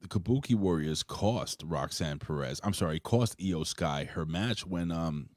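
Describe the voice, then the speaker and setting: Deep-voiced cursing man hosting a recap. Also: animated, measured pace, no echo, studio quality. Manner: loose, profane, rambling recaps. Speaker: host of a wrestling review show. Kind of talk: casual live-stream chat.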